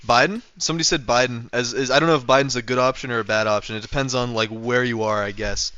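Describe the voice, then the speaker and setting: Bright, rambling male streamer. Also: medium pitch, steady tone, fast talker, few pauses, no echo, lo-fi sound. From North America. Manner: rambling, full of fillers and restarts, chuckling often. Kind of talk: casual livestream chat.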